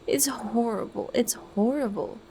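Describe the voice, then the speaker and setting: A woman's voice: mid-range voice, lively intonation, slow, warm tone, slight background noise, rough recording. A woman voicing an anxious, pleasure-loving young woman who pleads in distress, as whispered role-play.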